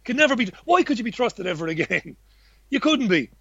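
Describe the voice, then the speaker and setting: A man's voice: high-pitched, very animated, a little fast, creaky, fairly bright tone, husky, no room sound. A man talking as an interview guest about his work in journalism, rambling and blunt, with many restarts and the odd swear word. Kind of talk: casual conversational interview. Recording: dull lo-fi dry recording.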